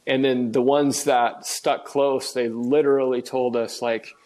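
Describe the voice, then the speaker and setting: A man from Washington state, a guest on a podcast, talking in an earnest, reflective way and often pausing to find his words over a remote recording setup. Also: medium pitch, level tone, a little mellow, slight background noise. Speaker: podcast guest, father of an autistic son. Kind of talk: conversational interview.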